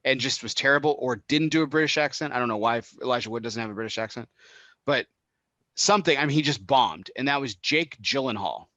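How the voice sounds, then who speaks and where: Man, podcast host, rambling casual talker, bright close dry sound. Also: medium pitch, dry recording. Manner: chatty, rambling, laughs a lot. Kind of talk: casual chat. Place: indoors, cigar podcast set.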